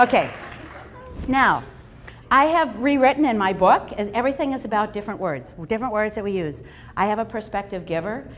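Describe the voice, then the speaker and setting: A middle-aged woman giving a motivational keynote talk to a live audience in a large room, animated and playful, acting out little voices. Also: medium pitch, fairly quick, a faint crowd, slight background noise. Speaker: fundraising speaker.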